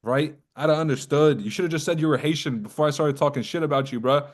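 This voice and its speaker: A trading coach hosts a livestream, talking fast in a voice on the high side. He keeps it casual, profane and joking, roasting and teasing his viewers.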